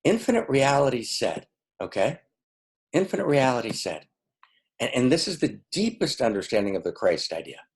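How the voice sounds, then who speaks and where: A man's voice: medium pitch, big pitch swings, normal speed. Emphatic male spiritual teacher. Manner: emphatic, often checks in with "right?" and "okay?". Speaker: teacher leading an online session. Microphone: video call.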